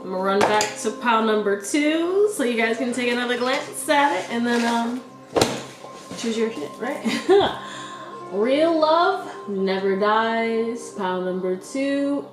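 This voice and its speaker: A woman's voice: a little high, lively intonation, measured pace, roomy sound, over music, poor audio. A young woman giving a casual tarot reading, laughing often and talking in a scattered, slangy way. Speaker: tarot reader.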